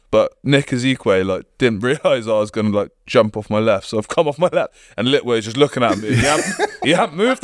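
A man's voice: medium pitch, very animated, fairly quick, hardly any pauses, dry recording. A young man, a guest on a podcast, talking casually and bluntly, swearing and laughing often. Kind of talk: casual chat.

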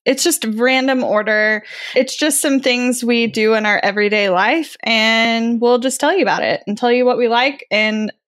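A woman's voice: on the high side, fairly even intonation, moderate pace, fairly bright tone. A woman hosting a podcast, chatting casually and laughing easily. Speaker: podcast host.

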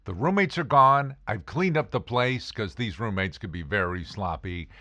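A man's voice: on the low side, expressive, normal speed, sharp tone, no room sound. A man telling a self-mocking comic story about his past, with punchy asides. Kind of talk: comedic storytelling monologue.

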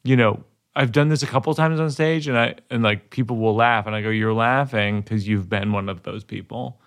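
Man, forties, gravelly voice, lowish pitch, rambling self-deprecating storyteller, casual comedy chat. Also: moderate pace, a bit bright. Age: 40s. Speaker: stand-up comedian. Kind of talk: casual chat workshopping jokes.

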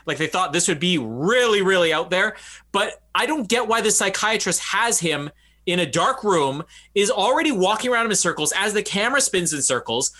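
Man, podcast co-host, bright tense voice, slightly high, casual movie chat, laughs a lot. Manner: laughs often, animated, does quick funny voices for quoted characters.

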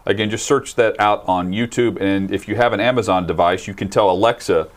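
A man's voice: lowish voice, fairly quick. A man hosting a sports talk show, reading channel plugs and chatting about football with fillers and restarts. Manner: promotional, running through plugs with fillers. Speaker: show host.

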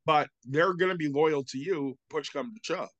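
A man's voice: fairly high pitch, moderate pace, dry recording. A man in casual podcast chat who steers the talk with short prompts and questions.

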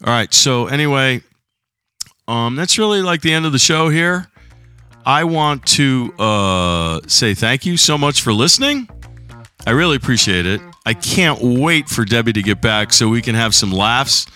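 A man's voice: medium pitch, animated, measured pace, pushed and bright, smooth, soft background music. Chatty middle-aged man with a cough. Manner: rambling, chatty, self-deprecating. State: slight lingering cough. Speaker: podcast host. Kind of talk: casual solo podcast monologue.

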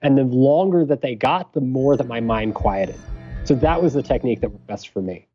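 A man who is a physician guest on a podcast interview, explaining things in a measured, careful way. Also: mid-range voice, highs cut off, faint music behind.

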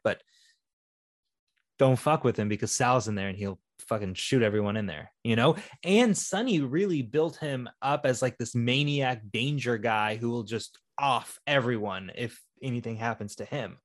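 A man's voice: medium pitch, normal speed, no room sound. Male podcast co-host, loose thinking-aloud film talk, dry close mic. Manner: rambling, thinking aloud with fillers. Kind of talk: casual film discussion.

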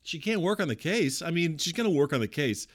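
A man's voice: a little high, big pitch swings, fairly quick. A middle-aged man doing a comic monologue, ranting in an exasperated, incredulous way. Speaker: comedian.

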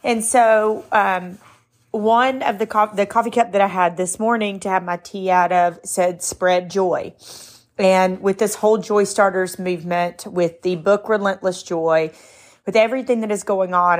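A middle-aged woman hosting a motivational podcast, speaking earnestly and emotionally, moved to tears at times. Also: on the low side. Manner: warm, emotional, earnest, cries easily. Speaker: podcast host.

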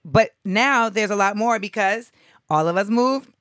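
A woman's voice: medium pitch, a little slow, a bit bright, no echo, studio quality. Blunt, joking woman hosting a podcast. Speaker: podcast host. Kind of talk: casual podcast chat.

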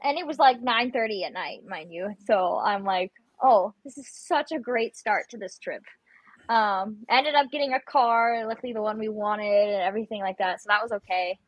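A woman's voice: mid-range voice, normal speed, no room sound, low-quality recording. A young adult woman, a guest on an interview show, telling stories in a chatty way and acting out her own panicked lines. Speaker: guest, competitive shooter. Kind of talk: casual interview chat.

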